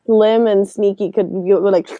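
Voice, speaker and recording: A woman chatting casually as a podcast co-host, relaxed and teasing. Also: mid-range voice, measured pace, no room sound, muffled recording. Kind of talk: casual chat.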